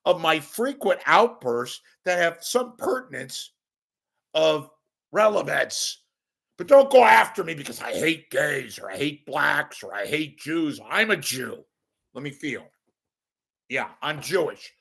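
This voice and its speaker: A man's voice: on the high side, big pitch swings, unhurried, creaky, fairly bright tone, breathy edge. Angry, profane ranting man. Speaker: local media commentator.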